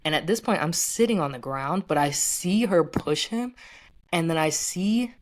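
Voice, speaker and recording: A woman's voice: on the low side, lively intonation, moderate pace, slight background noise. A young woman in her twenties casually retelling a personal story, full of "like" fillers. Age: 20s. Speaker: guest.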